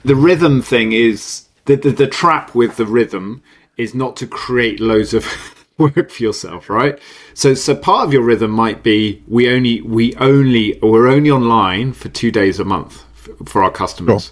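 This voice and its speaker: A man, a podcast guest talking in a chatty, animated way and laughing often. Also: medium pitch, a little slow. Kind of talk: casual conversational interview.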